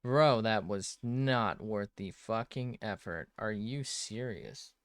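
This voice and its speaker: A man's voice: on the low side, slow pace, clean tone, dry recording, clean studio sound. A man streaming himself drawing, muttering to himself in casual commentary, swearing often and joking at his own expense.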